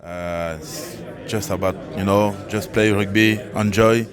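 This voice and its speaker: A low-voiced man who is not a native English speaker, answering interview questions. His English is halting and simple, and he often restarts as he searches for words. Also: fairly even intonation, over a noisy crowd. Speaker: rugby player, interviewee.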